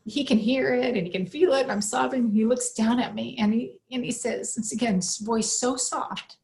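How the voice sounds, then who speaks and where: Middle-aged woman, podcast guest, earnest, animated storytelling, fairly high voice. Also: normal speed, creaky. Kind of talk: emotional personal storytelling.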